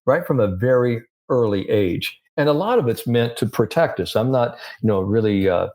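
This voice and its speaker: A man in his sixties, a sports psychologist, telling stories and anecdotes in a relaxed podcast conversation. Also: mid-range voice, moderate pace. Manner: storytelling, animated with anecdotes and quotes.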